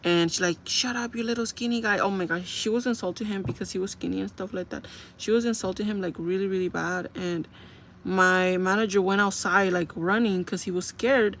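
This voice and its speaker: A young woman chatting casually to viewers on a makeup livestream, telling stories in an animated, talkative way. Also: on the low side, fairly quick, slight background noise.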